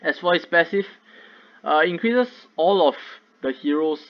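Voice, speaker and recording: A man's voice: on the high side, lively intonation, a little slow. Rambling young man, dull lo-fi sound. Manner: rambling, filler-heavy, frequent restarts. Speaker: gaming video creator. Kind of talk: casual game commentary.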